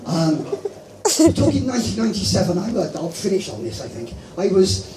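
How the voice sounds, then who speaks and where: Guy rambling through a stand-up bit, high voice, echoey room, mic kinda far. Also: big pitch swings, heavy background noise. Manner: rambling, self-deprecating, halting restarts. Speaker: stand-up comedian. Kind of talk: open-mic stand-up storytelling. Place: open-mic comedy venue.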